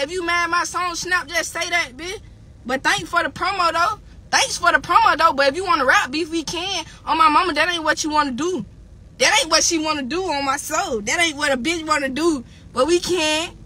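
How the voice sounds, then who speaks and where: A woman with a high, bright, piercing voice rants on a livestream. She is heated and profane, and she loops the same jabs again and again. The delivery is loose and unscripted. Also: moderate pace. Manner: heated, profane, repeats insults. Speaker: rapper on a livestream. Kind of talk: angry livestream rant.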